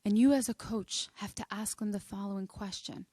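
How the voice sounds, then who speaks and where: A woman coach giving a motivational lecture, telling stories and making points with animated emphasis. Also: medium pitch, normal speed, no echo, clean studio sound. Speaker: life coach and speaker.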